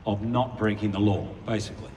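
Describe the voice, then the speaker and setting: A man's voice: fairly low pitch, fairly even intonation, brisk, a little mellow, distant mic, a little hiss or hum. An Australian man joking playfully with the audience between songs on a large outdoor stage. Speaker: stage performer. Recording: echoey live venue taped from the crowd. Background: orchestra and audience.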